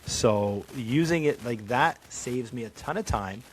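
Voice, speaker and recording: A man's voice: mid-range voice, expressive, measured pace, breathy edge. A man speaking as a guest on a podcast, giving marketing advice in a confident way and checking in with "right?". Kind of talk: casual interview chat.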